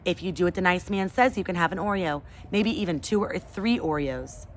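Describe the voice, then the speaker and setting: A sweet young woman who coaxes a small child in a sing-song voice, voiced by a woman storyteller. She speaks a touch higher and brighter than the reader's usual lowish tone. Faint room noise sits behind her. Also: brisk, natural voice. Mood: coaxing.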